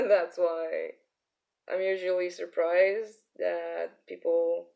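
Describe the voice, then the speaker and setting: Slow-talking Polish-accented woman, chuckling. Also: on the low side, vocal fry, mellow, lo-fi sound. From Poland. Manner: chuckling often, muttering to herself while working. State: hungover. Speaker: artist streaming while drawing. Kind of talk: casual live-stream chat.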